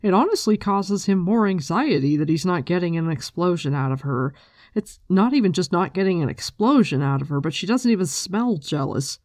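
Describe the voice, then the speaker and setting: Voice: medium pitch, lively intonation, normal speed, a little mellow, dry recording, clean studio sound. A host casually recapping a book with blunt, profane chat, mixed with reading passages aloud.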